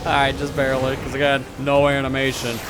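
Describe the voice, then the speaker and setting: A man's voice: medium pitch, completely flat delivery, fairly quick. A man streaming a video game live, joking and laughing often as he comments. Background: game music.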